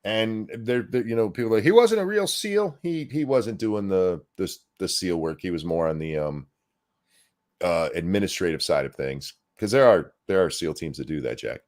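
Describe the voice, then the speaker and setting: A man's voice: deep voice, normal speed, a little mellow. A man co-hosting a casual reaction show, talking bluntly and with plenty of profanity. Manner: blunt, profane ranting with put-on voices. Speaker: co-host reacting to a debate.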